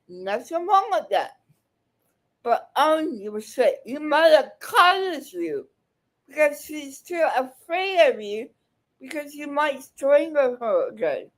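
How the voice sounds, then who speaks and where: A woman with a high voice ranting in reaction commentary, cursing and scolding the person on screen. She talks slowly and lands each jab hard, angry and heated the whole way through. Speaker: video commentator reacting to clips.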